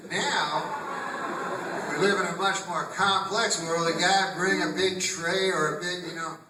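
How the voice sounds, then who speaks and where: A man doing stand-up comedy in a theater, rambling and deadpan, breaking into loud put-on voices. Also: high-pitched, measured pace, noisy background. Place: theater stage. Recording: grainy, echoey theater recording from far off. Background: audience laughter.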